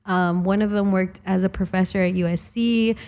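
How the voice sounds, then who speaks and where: A woman's voice: mid-range voice, steady tone, normal speed, darkish tone. A young woman hosting a podcast, talking in a casual, rambling way. She pads her sentences with fillers and laughs often as she tells stories. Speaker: podcast host. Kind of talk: casual chat.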